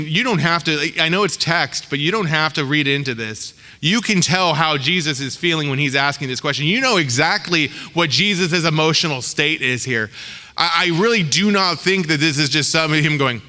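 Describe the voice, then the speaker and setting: A man's voice: a little high, sharp tone. A man preaching a sermon as pastor, talking casually with slang and acting out the voices of the people he quotes. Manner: conversational, slangy, acts out characters' voices in quotes. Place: church sanctuary. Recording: long hall reverb.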